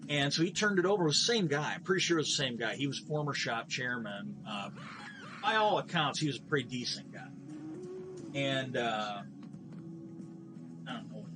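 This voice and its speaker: A man's voice: medium pitch, expressive, normal speed, pauses often. Bitter, swearing man ranting over music. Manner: profane, bitter, rambling with restarts. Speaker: game streamer. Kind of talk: casual ranting storytelling while gaming.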